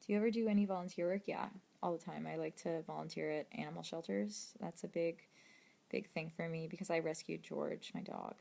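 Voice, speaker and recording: Chatty woman with a gravelly voice. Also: low-pitched, steady tone, fairly quick, warm tone. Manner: chatty, rambling, reading out questions. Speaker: livestream host answering fan questions. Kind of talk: casual chat.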